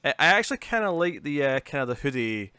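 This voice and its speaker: A man's voice: medium pitch, very animated, fast, sharp tone, clear, resonant tone, no echo, studio quality. A man co-hosting a podcast, chatting casually and rambling with frequent fillers and restarts. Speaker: podcast co-host. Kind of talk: casual chat.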